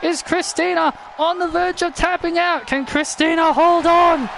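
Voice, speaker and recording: Excitable male wrestling commentator, very high voice, shouty play-by-play with stumbles. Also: a little slow, vocal fry, noisy background. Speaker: wrestling commentator and channel host. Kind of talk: excited play-by-play commentary of a video game match.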